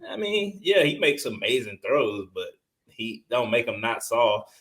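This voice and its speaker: A man's voice: mid-range voice, big pitch swings, a little slow, a bit bright. A man co-hosting a sports podcast, talking casual, profane, slangy trash talk. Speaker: podcast co-host.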